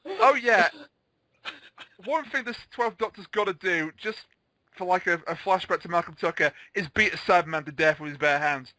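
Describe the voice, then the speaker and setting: A man's voice: high voice, moderate pace, sharp tone, no room sound, low-quality recording. A man hosting a casual chat, opinionated and a little stammering. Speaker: host.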